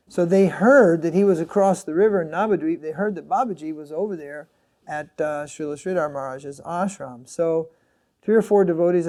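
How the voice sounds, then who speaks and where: A man giving a sermon as a swami, telling a story in a halting way with many fillers and restarts. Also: fairly high pitch, darkish tone.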